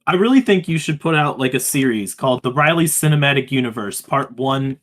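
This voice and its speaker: A man's voice: mid-range voice, expressive, a little fast, fairly bright tone. A man co-hosting a podcast in casual chat over a voice call, enthusiastic and full of fillers. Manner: enthusiastic, hype-driven, filler-heavy. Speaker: podcast co-host.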